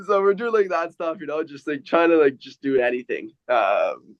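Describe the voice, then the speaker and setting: A man's voice: fairly high pitch, lively intonation, fairly quick, dry recording. Rambling man telling a story, dry dull sound. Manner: rambling, filler-heavy storytelling. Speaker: entrepreneur guest. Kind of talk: casual podcast chat.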